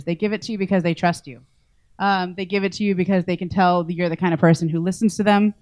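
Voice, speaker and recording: A young woman introducing an award honoree at a podium in a casual, chatty way, full of "like" and "um". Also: fairly low pitch. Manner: casual, uses "like" and "um", warm praise.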